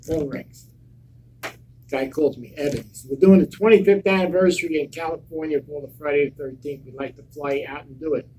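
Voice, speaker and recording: An older man telling stories on a live convention panel in a blunt, profane, animated way. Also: on the high side, brisk, slight background noise, rough recording. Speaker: panel guest.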